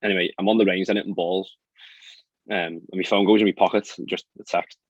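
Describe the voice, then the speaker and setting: Young guy chatting fast on a podcast, deep voice, dry dull lo-fi sound. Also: steady tone, no room sound. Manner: fast, chatty storytelling with frequent fillers and laughs. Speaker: professional golfer guest. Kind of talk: casual podcast chat.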